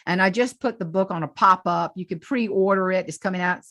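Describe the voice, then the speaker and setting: A Southern woman from the South Carolina Lowcountry, a humorist and speaker, telling folksy stories in an interview and laughing often. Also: brisk, fairly bright tone, no echo, clean studio sound. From Southern United States. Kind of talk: storytelling interview chat.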